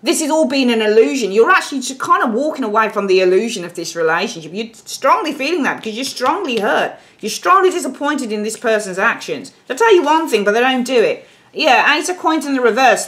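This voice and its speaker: A woman giving a casual tarot reading, blunt and animated, and she swears freely. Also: on the high side. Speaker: tarot reader.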